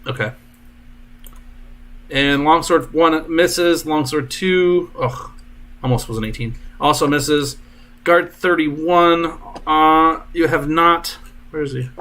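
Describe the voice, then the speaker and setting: A man as dungeon master, narrating combat turns with brisk, jokey asides. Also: a little high, fairly even intonation, bright, forceful tone.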